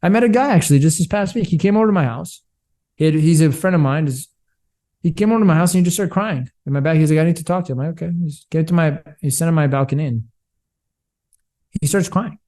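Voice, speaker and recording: A business coach with a fairly high, dark-toned voice talks at a quick pace in a candid interview. Passionate and preachy, he tells stories in which he quotes himself and others.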